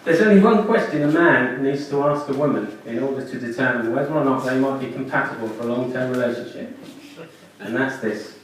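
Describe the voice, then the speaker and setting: A man doing a stand-up comedy set at a small comedy club, with animated storytelling and deadpan asides. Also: mid-range voice, fairly quick, a little hiss or hum. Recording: echoey club room, distant mic.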